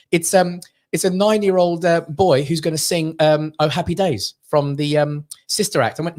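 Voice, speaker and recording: A comedian from Armenia, a man with a high voice, speaks fast with lively intonation. As a guest in a London studio interview, he tells funny anecdotes in a chatty way, acting out voices and laughing often.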